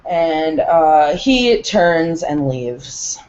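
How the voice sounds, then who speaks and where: A relaxed woman narrating a tabletop game as game master, heard on a dull lo-fi recording. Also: sits low, extremely slow.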